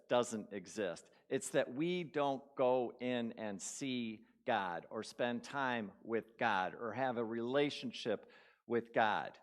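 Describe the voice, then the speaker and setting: A man's voice: lowish voice, a little slow. A man giving a sermon in a church, telling a story conversationally and putting questions to the congregation. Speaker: guest speaker at a spiritual community.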